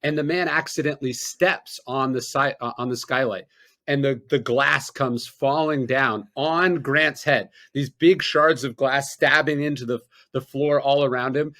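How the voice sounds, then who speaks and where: This man has a mid-range voice and speaks as a podcast host. He tells stories in a calm, steady, measured manner. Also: medium pitch. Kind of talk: podcast interview.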